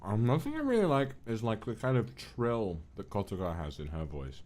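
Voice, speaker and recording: A man's voice: lowish voice, sing-song, fairly quick, a little mellow. A man chatting casually on a livestream, rambling and restarting his sentences with repeated words, in a reflective, amused way. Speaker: streamer.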